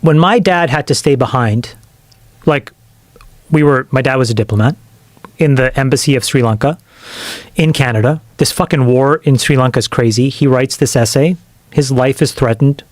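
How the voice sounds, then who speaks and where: Podcast guest, middle-aged man. Lively, profane storyteller, middle pitch, dry sound. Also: normal speed, no room sound. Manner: animated, profane storyteller who acts out quoted lines. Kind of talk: casual storytelling.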